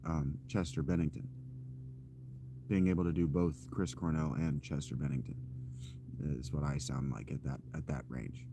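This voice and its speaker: A man in his thirties chatting casually with his stream while walking outdoors, rambling with fillers and self-corrections in a loud, projecting voice. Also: a bass voice, noisy background. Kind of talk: casual live-stream chat. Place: outdoors, walking through a parking lot.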